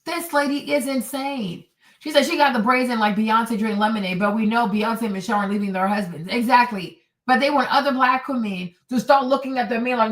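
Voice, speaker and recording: A woman's voice: fairly high pitch, moderate pace. A woman hosting a commentary show, reacting to clips with indignant, mocking sarcasm. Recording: echoey room, distant mic.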